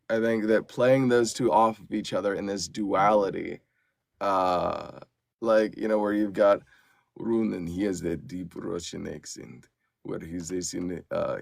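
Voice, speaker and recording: A man who narrates audiobooks talks on a podcast in a low, gravelly voice. He's animated and loose, full of fillers. The sound is dry and close, with no room around it. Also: no room sound. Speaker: audiobook narrator and actor, guest. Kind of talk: casual podcast chat.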